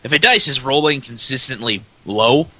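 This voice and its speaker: A man's voice: mid-range voice, animated, moderate pace, pushed and bright, husky, rough recording. A man co-hosting a casual gaming podcast, talking at length with lots of "like". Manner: talkative, many "like" fillers. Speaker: podcast co-host. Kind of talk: casual chat.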